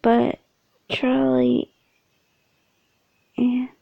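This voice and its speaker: A woman reading a fan story aloud in a halting way, often whispering and correcting herself. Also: sits high, monotone, gravelly, no echo, muffled recording. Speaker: amateur story reader.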